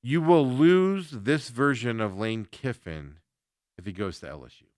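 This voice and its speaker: A man's voice: medium pitch, lively intonation, unhurried, a little mellow, dry recording, studio quality. A man hosting a sports talk show, chatting casually with lots of fillers as he reacts to viewer comments.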